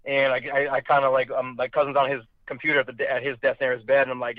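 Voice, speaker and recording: A man's voice: mid-range voice, level tone, quick pace, few pauses, no room sound. A young man casually telling a long, profane, rambling story, slipping into voices for quoted people. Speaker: storyteller guest. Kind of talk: casual chat. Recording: dull lo-fi dry sound.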